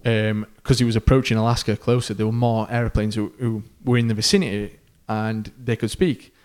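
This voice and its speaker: A man's voice: fairly low pitch, fairly even intonation, brisk, darkish tone, clear, resonant tone. Man telling a story with building suspense. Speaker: podcast host. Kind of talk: casual storytelling.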